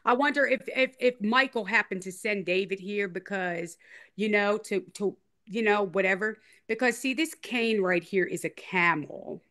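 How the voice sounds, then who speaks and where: A woman's voice: mid-range voice, moderate pace, bright, forceful tone. A woman interview guest in a casual chat, rambling, repeating herself and teasing in a playful way. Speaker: interview guest telling her story.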